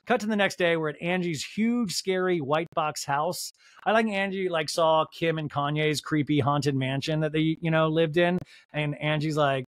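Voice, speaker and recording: A man's voice: a little high, normal speed, dry recording, clean studio sound. A man hosting a comedic solo TV recap podcast, talking with sarcastic, joking asides. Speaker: podcast host.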